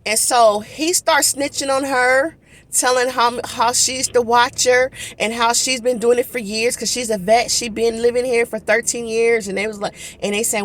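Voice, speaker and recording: A woman telling viewers an animated storytime in a casual vlog. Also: a little high, normal speed. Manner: animated, talking straight to viewers. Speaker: vlogger.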